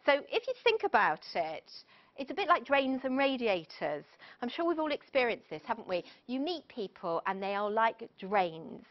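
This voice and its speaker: A woman giving a live motivational presentation, chatty and lively, often putting questions to her audience. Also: a little high, moderate pace, highs cut off. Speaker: motivational speaker.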